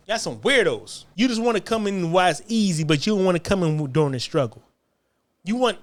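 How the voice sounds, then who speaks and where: Heated man ranting, high-pitched voice. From United States. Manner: forceful, repetitive, confrontational. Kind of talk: heated monologue rant.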